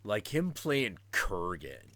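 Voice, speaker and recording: A man's voice: on the low side, huge pitch swings, slow, sharp tone, no room sound. A man in his forties hosting a stream in casual chat, talking animatedly and profanely and acting out quotes. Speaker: stream host.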